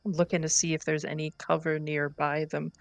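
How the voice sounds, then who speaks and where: A woman at mid pitch plays a tabletop game, describing her character's moves casually. Her voice sounds dry and close, with faint music underneath. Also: flat delivery, brisk, vocal fry, no room sound. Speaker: player.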